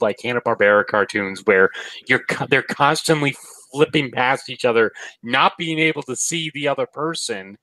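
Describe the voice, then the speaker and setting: A man with a bright, forceful voice rambles hesitantly through a casual review discussion. The recording is dry and close, with no room sound. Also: mid-range voice, no echo, rough recording. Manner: rambling, hesitant, many restarts.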